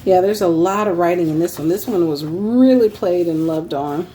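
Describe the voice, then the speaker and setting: A woman's voice: fairly low pitch, normal speed, mellow, slight background noise. A woman chatting casually at home as she browses old sheet music for sale, reading titles aloud and laughing often. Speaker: online craft seller. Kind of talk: casual show-and-tell sales vlog.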